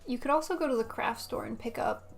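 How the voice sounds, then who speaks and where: A woman's voice: on the high side, fast talker, gravelly, soft background music. A woman co-hosting a model-kit channel, chatting casually while her partner paints. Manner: chatty, coos softly to a pet.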